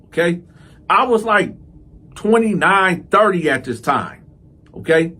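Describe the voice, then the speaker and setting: A man hosting his show, casually telling a prison story in an animated way, repeating key lines and speaking straight to his listeners. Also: high-pitched, a little slow, long pauses, husky.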